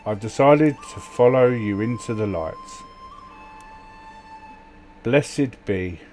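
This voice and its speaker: A man's voice: mid-range voice, moderate pace, darkish tone, soft background music. Sleepy, chatty man playing a strategy game. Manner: chatty, wry, muttering asides while reading game events aloud. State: sleepy, yawning. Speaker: gameplay commentator. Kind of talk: casual let's-play commentary, reading event text aloud.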